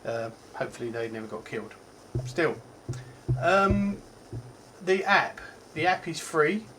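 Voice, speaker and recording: A man's voice: fairly high pitch, expressive, measured pace, sharp tone, slight background noise, poor audio. A man with a Cockney accent giving a casual, rambling product review, chatty and full of ums and self-corrections. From England. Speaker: tech reviewer.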